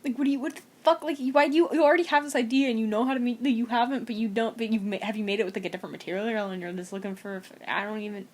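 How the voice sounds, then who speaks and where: Young woman, film reactor; profane, giggly, rambling commentary, slightly high voice. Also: steady tone, very fast, few pauses. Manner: swears a lot, laughs often, rambling reactions. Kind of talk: casual watch-along commentary.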